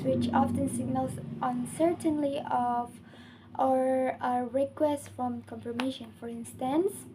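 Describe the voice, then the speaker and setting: A woman's voice: high voice, background noise. Young Indonesian woman reading her coursework. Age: young adult. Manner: careful, earnest reading with small slips. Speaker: student. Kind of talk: reading a class assignment.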